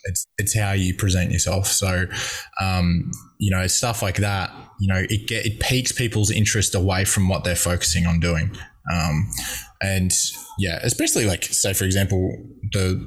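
A man's voice: low voice, steady tone, normal speed, slightly rough. A young Australian man chatting bluntly as an interview guest, telling stories with lots of fillers and restarts. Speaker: guest athlete. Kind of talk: casual interview chat.

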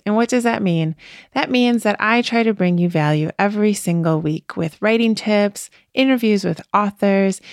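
A woman's voice: medium pitch, darkish tone, dry recording, clean studio sound. A woman hosting a podcast in a chatty, upbeat way, her voice slightly worn as she is losing it. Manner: chatty, upbeat, laughs easily. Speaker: podcast host. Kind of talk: casual podcast chat.

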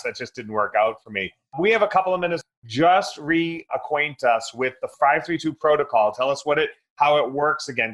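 Male podcast host, measured, summarizes and sets up questions. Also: mid-range voice, fairly bright tone, poor audio. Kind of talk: interview hosting.

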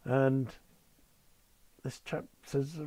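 Older man, former pilot, understated storyteller, middle pitch, dry sound. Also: fairly even intonation, extremely slow, warm tone, dry recording. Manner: dry understatement, acts out the people he quotes. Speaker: former airline captain, guest. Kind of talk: anecdotal storytelling in conversation.

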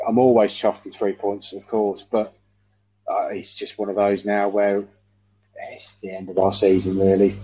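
A man in casual football chat, hesitant and measured, often repeating himself. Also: fairly low pitch, darkish tone, breathy edge, no echo. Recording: dull dry lo-fi sound.

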